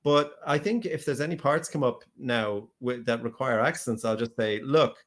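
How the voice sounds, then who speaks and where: A man's voice: mid-range voice, moderate pace, fairly bright tone. A man co-hosting a podcast in casual chat, hesitant and full of restarts, who laughs now and then. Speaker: podcast co-host, actor.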